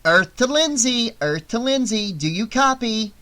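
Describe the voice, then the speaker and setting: A man's voice: high-pitched, sing-song, a little slow, pushed and bright, voice pushed up, heavily acted. A man voicing a wry, sarcastic teenage girl babysitter in an audiobook reading, raising his voice well above his own. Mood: teasing. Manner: teasing, sarcastic.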